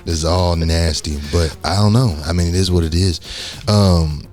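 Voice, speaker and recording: A man's voice: low voice, fairly even intonation, moderate pace, darkish tone, soft background music. A man co-hosting a podcast in casual chat, frank and joking with slangy turns of phrase. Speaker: podcast co-host.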